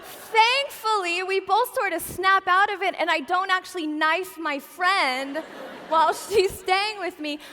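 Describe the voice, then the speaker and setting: A woman in her forties with a high voice tells a funny personal story to a church crowd. Her tone is bright, chatty and self-deprecating. A long reverb from the big auditorium trails each phrase. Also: a little slow, a little hiss or hum. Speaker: guest speaker at a church Christmas event. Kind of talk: humorous personal storytelling message.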